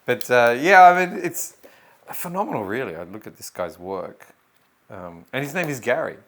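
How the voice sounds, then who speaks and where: A man, a comedian guest, chatting casually and telling animated stories, acting out quotes. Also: mid-range voice, normal speed. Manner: animated storyteller, acts out quotes. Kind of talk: casual chat.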